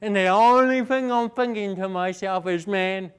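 A young man from New Zealand with a New Zealand accent, giving a fast, emphatic motivational talk and asking the audience questions. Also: sits high, smooth. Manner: fast-talking, rising and falling for emphasis, asks the audience questions. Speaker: inspirational speaker. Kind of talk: motivational speech.

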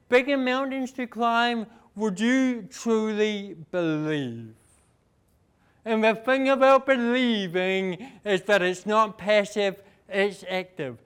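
A young man from New Zealand with a New Zealand accent, giving an energetic, fast-talking inspirational speech full of rhetorical questions. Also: sits high, clean tone. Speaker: inspirational speaker. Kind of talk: motivational speech.

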